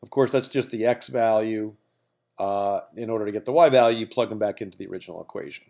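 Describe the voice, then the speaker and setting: A man walks through a calculus lesson in a relaxed, chatty way, often repeating himself and checking in with the class. His voice sits low and has a gravelly edge. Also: quick pace. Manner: casual, repeats himself, many asides and "okay?" checks. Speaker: math teacher.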